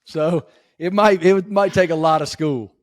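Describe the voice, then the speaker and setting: A middle-aged man with a Southern Appalachian accent, chatting as a podcast guest and telling stories in a lively, folksy way. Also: a little high, measured pace, no room sound, studio quality. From southwestern Virginia. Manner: animated storyteller, folksy drawl. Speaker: guest, sports reporter. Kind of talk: casual podcast chat.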